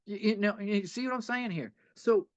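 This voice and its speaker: A man's voice: high-pitched, normal speed, muffled recording. Earnest man sharing his recovery story. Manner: earnest, repeats himself, laughs a little. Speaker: recovery meeting speaker. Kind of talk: personal recovery talk.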